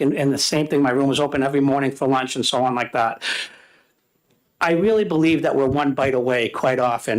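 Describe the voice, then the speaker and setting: A man's voice: mid-range voice, rough recording. A man in his fifties, a retired teacher, giving heartfelt personal testimony in a legislative committee room. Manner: earnest, heartfelt storytelling.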